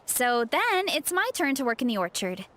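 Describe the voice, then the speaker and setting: A woman's voice: high-pitched, sing-song, normal speed, a bit bright. A woman voicing a friendly, easygoing young woman athlete in a video game. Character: cheerful young woman athlete, sleepy mornings. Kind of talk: game voice acting. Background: game music.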